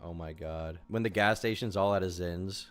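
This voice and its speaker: A man's voice: sits low, normal speed. A young man streaming live, reacting to a video with mocking laughter and swearing rants aimed at the people in it.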